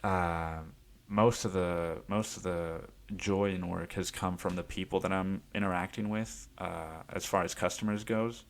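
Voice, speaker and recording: A man's voice: deep voice, fairly even intonation, unhurried, gravelly. A man hosting a solo podcast, rambling casually and swearing often with self-amused laughs. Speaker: podcast host.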